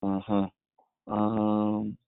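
Male host-preacher, unhurried, gravelly, stop-start delivery, repeated refrain, dry phone-quality sound. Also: lowish voice, completely flat delivery, dry recording. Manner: halting, repetitive, with many restarts and fillers; drives points home with a repeated refrain. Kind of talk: devotional sermon.

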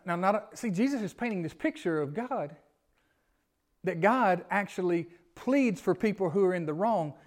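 A pastor preaching to his congregation in a church. His voice sits high for a man, and he talks in a folksy way, often putting questions to the people in front of him. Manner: folksy, asks the congregation questions, pleading rises. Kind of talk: sermon. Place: church sanctuary.

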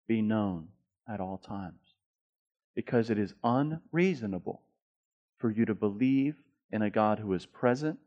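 A male pastor delivering a sermon, moving from quiet reflection to loud, fervent passages and acting out inner voices and prayers. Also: mid-range voice, dull audio. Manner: swings from quiet reflection to loud, rising passion.

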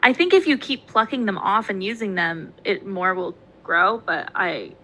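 A young woman co-hosts a casual podcast with a bright, crisp voice. She is chatty and upbeat and laughs easily. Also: mid-range voice, animated, normal speed, poor audio. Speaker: podcast co-host.

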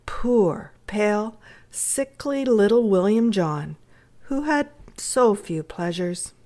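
Canadian woman reading an old story, really lively tone, measured. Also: mid-range voice. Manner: expressive, measured narration. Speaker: reader.

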